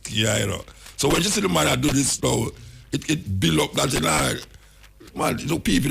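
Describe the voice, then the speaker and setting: A man's voice: mid-range voice, gravelly, fairly bright tone, breathy edge. A Jamaican man hosting casual talk radio, rambling through anecdotes in patois and chuckling often. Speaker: radio talk show host.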